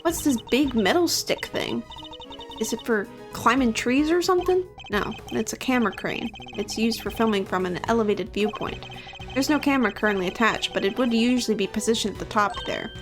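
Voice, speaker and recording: A woman's voice: fairly high pitch, fairly quick. A woman streamer reading video game dialogue aloud, playful and chatty. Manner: playful, laughs at own voicing. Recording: faint game music behind.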